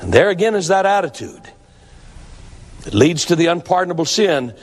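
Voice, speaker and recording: A man's voice: on the high side, sing-song, normal speed. A man preaching a sermon in an earnest, emphatic way, often repeating words for stress. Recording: long hall reverb.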